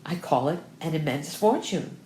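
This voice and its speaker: A woman's voice: low-pitched, animated, moderate pace, a little mellow, slight background noise. A chattering, emphatic older country lady who rambles breathlessly from one aside to the next, as a woman reads her. Her voice swoops widely up and down, set in a roomy, echoing space. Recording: roomy echo.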